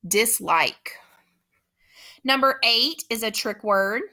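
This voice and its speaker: Slow, patient woman teacher. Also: on the high side, bright, forceful tone. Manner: slow, patient, repeats words carefully. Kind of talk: spelling dictation lesson.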